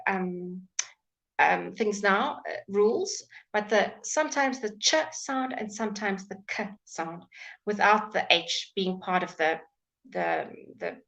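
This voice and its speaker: A woman teaching a live online English pronunciation lesson from home, patient, repeating words slowly for learners to copy, with dry asides and soft laughs. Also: mid-range voice, creaky, low-quality recording.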